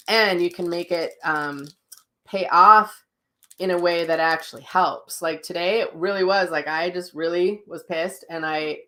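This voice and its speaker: A middle-aged woman talks in a loose, chatty way, blunt and ready to laugh at herself. Her voice sits a little low for a woman. She answers viewer comments in a casual live session. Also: bright, forceful tone. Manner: blunt, chatty and self-mocking, with frank language. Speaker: psychic medium hosting a daily live session.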